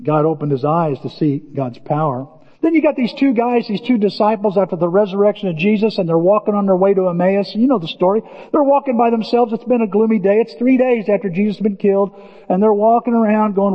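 A middle-aged male pastor with a high voice preaches a relaxed, conversational sermon. He tells stories in a folksy way and jumps into animated voices for the quotes. The sound is dull and lo-fi, with the long echo of a big hall. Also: brisk.

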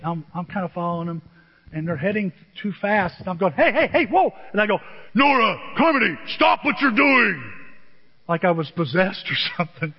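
An older man preaching a sermon as pastor, telling self-deprecating stories with dramatic swings from soft to loud. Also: high-pitched. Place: church sanctuary. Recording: muffled audio with long hall reverb.

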